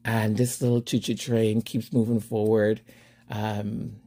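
The podcast host's voice is fairly low and his pace measured as he recounts a story in a casual monologue. He stays animated throughout, laughing often and voicing both sides of the conversation himself.

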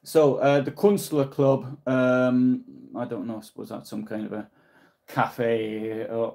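A man with a Newcastle accent speaks at an ordinary, mid-range pitch while hosting a live history broadcast from his house. He translates old documents aloud in a halting way. He keeps stopping to explain what he has read and to answer viewer comments. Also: mellow. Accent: Newcastle English. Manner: halting, pauses to explain and correct himself. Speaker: history livestream host. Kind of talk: live-translating a diary and reading chat comments.

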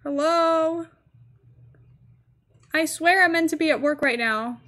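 High-voiced giggly woman streamer. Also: slow, fairly bright tone. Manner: giggly, chatty, talks to chat. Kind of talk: casual gaming livestream chat.

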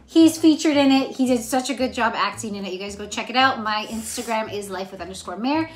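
A woman hosting a casual snack-tasting vlog, talking in an excited, bubbly way. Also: fairly high pitch, brisk. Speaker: vlogger host.

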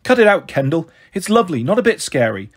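A man's voice: high-pitched, very animated, quick pace, heavily acted. A man voicing a protective, anxious older girl who talks urgently and hisses at her brother in a storybook reading. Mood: coaxing. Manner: urgent, hissing.

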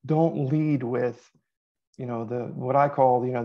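A middle-aged man talking casually as a podcast guest, telling animated stories and quoting himself. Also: medium pitch, moderate pace, vocal fry, dull audio. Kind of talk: casual interview chat.

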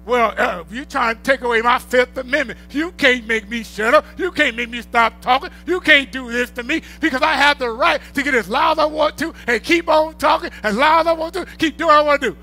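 A man acting out a loud, touchy male neighbor who defends himself indignantly. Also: very high-pitched, brisk, few pauses, faint music behind, heavily acted.

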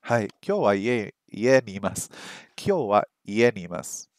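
A man learning a language on a casual study stream thinks aloud, repeats phrases over and over, and jokes about his own mistakes. His voice is lowish, very animated, and a little fast. The recording is dry and clean like a studio, though his streaming mic picks him up only weakly.

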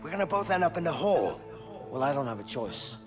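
An actor playing a gruff male prison inmate in a video game cutscene, terse and blunt. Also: fairly high pitch, very animated, fast talker, over music. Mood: tense.

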